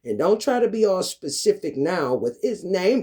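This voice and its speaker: A man's voice: high voice, sing-song, normal speed. Man in an angry, profane rant. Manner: profane, confrontational, swings from loud to muttered. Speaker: vlogger. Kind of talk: angry ranting monologue.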